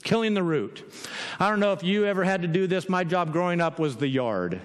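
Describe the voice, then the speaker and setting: A man's voice: high-pitched, lively intonation, fairly quick, big-room sound. A man preaching a sermon in a casual, conversational way, often checking in with "right?" and laughing now and then. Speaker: pastor.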